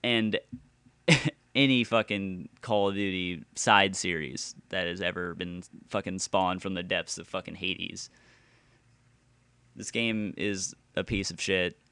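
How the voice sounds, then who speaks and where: A man in a profane, exasperated rant, with sudden loud outbursts. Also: sits low, smooth, no echo. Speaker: gaming video ranter.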